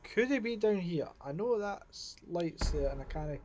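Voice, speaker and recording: Jumpy high-voiced man playing a horror game. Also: lively intonation, moderate pace. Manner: jumpy, self-mocking, talks to himself while playing. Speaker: gaming let's-play creator. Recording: loud game noise and sirens behind the voice. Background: loud game sound with sirens.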